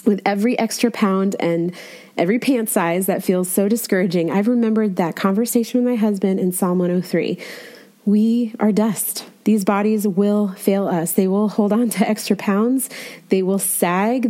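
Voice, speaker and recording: A woman's voice: mid-range voice, mellow. A woman in her thirties candidly sharing a personal faith story, reflective and laughing lightly at herself. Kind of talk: personal devotional testimony.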